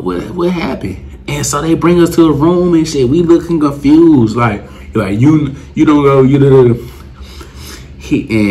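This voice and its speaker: A young man telling a rambling storytime to the camera, full of slang and swearing, jumping up in pitch when he acts out his friends. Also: a little hiss or hum. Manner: animated, acts out friends' lines with pitch jumps. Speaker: vlogger. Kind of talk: casual storytime.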